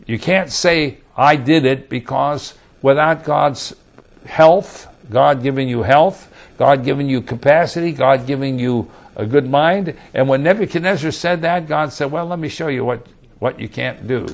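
A man preaching a sermon, emphatic and rising to loud scripture readings. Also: mid-range voice, unhurried, creaky.

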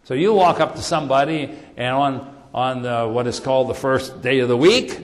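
A man preaching a sermon, reading and explaining scripture, often repeating words and slowing down for emphasis. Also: medium pitch, lively intonation, big-room sound.

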